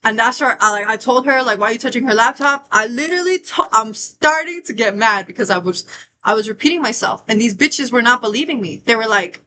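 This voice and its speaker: A young woman vlogger tells a story in a heated, profane rant and circles back over the same phrases as she works herself up. Her voice sits a little high and rings bright and sharp. There is a faint hum of room ambience behind her. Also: animated, brisk, rough recording. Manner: heated, profane, repetitive ranting.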